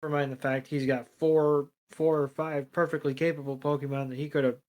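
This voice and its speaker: A man's voice: on the high side, little pitch movement, brisk, darkish tone, low-quality recording. A man co-hosting a podcast, recapping a cartoon episode in crude, sarcastic casual chat. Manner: crude, profane, sarcastic retelling. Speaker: podcast co-host.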